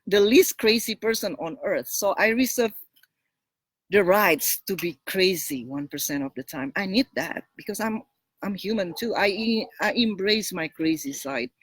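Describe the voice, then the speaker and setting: A relationship coach, a woman with a mid-range voice, delivers frank, blunt advice in a casual monologue. She's animated, laughs between points, and often repeats or restarts words. There's no echo.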